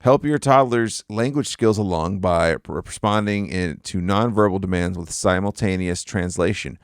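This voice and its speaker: Deep-voiced dad reading parenting notes. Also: male voice, normal speed, few pauses, smooth, dry recording, clean studio sound. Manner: relaxed, reads passages then comments. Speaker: podcast co-host. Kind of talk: casual chat, reading aloud from notes.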